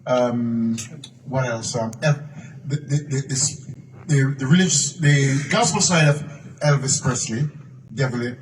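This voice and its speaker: A man's voice: medium pitch, a little slow, far from the mic, low-quality recording. An older man shares stories at a public Q&A, circling back over words and sometimes slipping into a line of song. He sounds set back from the microphone, with a faint murmur of room noise behind him. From Jamaica. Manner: repeats and restarts words, breaks into song. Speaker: guest musician at a Q&A. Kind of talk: live storytelling at a public Q&A. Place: museum event room, live audience.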